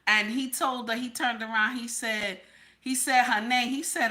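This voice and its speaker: A woman hosts a casual live stream in a fairly high, bright, forward voice. She talks bluntly and with a lot of profanity, circling back to the same points and checking in with "okay?" as she goes. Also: moderate pace. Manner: repeats her points over and over. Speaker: livestream host.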